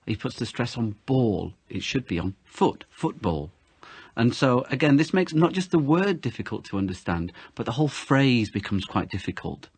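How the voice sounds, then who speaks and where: A man teaching pronunciation in an interview, explaining patiently and slowing down to stress words in an exaggerated way. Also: medium pitch, sing-song, dry recording. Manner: clear explanations, slow exaggerated word stress.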